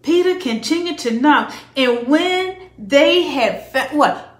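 Woman preacher, high voice, call-and-response delivery, roomy echo. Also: lively intonation, takes it slowly. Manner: call-and-response questions, emphatic declarations. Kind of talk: sermon.

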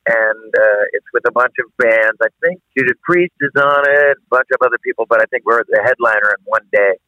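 A man's voice: lowish voice, bright, forceful tone, dry recording. A man, a guest rock singer, rambling loosely and laughing easily while on speakerphone in a car. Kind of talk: casual interview by phone. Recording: phone line from a car.

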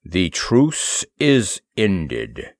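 A man puts on a heavy, commanding king of the moon who speaks in slow, weighty pronouncements. The voice sits low and swings widely, recorded dry and close. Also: wildly swooping pitch, no echo, full character voice. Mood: imperious. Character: booming imperious male moon king, grim.

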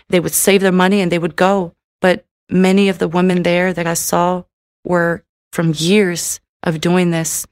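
Gravelly-voiced woman giving personal testimony. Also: lowish voice, no echo, clean studio sound. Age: adult with a daughter. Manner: earnest and halting, with frequent "you know" fillers.

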